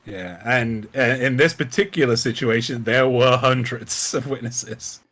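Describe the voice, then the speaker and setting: A man's voice: mid-range voice, a little slow. A man hosting a casual stream, chatting while he paints miniatures, laughing a lot and swearing freely as he tells stories. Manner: laughs often, swears freely, animated storyteller. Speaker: stream host.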